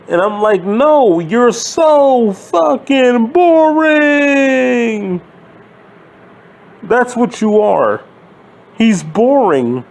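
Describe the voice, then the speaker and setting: A man's voice: high voice, darkish tone. A man hosting his own channel, ranting about wrestling in an exasperated, sarcastic, swearing way. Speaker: wrestling commentary channel host. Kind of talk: profane wrestling rant.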